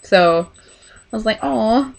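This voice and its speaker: A woman in her twenties telling a rambling, excitable storytime to camera in casual chat. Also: a little high, a little slow. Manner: rambling, excitable, gushing fan. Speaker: vlogger.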